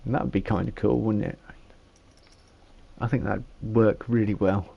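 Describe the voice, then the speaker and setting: A man's voice: lowish voice, fairly even intonation, moderate pace, gravelly, breathy edge, lo-fi sound. A man, giving casual gameplay commentary and rambling as he thinks aloud while building. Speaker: gamer.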